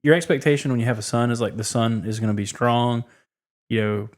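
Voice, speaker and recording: A man's voice: medium pitch, brisk. A man with a mid-range voice chats casually on a podcast. He speaks openly and is hard on himself as he tells a story about his son. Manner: candid, self-critical storyteller. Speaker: podcast co-host. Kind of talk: casual chat.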